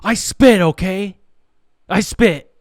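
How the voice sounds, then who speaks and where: A man's voice: medium pitch, normal speed, clean tone, no echo, studio quality, lightly acted. A man voicing a sulky, resentful teenage boy who complains in whiny, exasperated outbursts.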